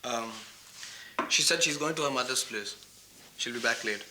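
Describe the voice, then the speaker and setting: A man's voice: medium pitch, moderate pace, noisy background, close to an everyday voice. An actor playing a boastful, flirtatious male film star with an Indian accent, breezily mixing Hindi into his English. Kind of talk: 1990s TV drama acting.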